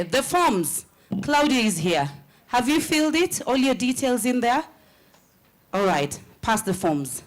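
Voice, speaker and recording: Woman emcee, higher voice, breezy and directive with the crowd. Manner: chatty, joking, directive. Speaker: conference master of ceremonies. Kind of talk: event announcements.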